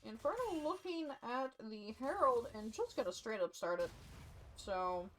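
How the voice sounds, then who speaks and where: A young woman calls an esports match live with easygoing, drowsy play-by-play, her voice pitched a touch high. She talks slowly and stretches her words. A faint hum of background noise sits under her voice. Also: animated. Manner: sleepy, yawning, casual play-by-play. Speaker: esports caster.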